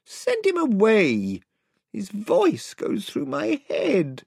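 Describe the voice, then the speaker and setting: A man voicing a peevish seasick boy who whines in a high, irritable voice. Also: huge pitch swings, slow, gravelly, husky, no echo, clean studio sound, full character voice.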